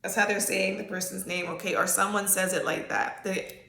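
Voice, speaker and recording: A woman's voice: medium pitch, fairly even intonation, moderate pace, creaky, bright, forceful tone, reverberant, a little hiss or hum. A woman hosting a solo podcast, chatting casually and talking straight to her listeners with frequent okays. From Canada. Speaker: podcast host. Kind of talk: solo psychic-reading podcast talk.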